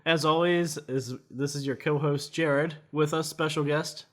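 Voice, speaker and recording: Upbeat, slightly high male podcast co-host. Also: steady tone, unhurried, fairly bright tone. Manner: jokey, laughs while talking. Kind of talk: casual podcast banter.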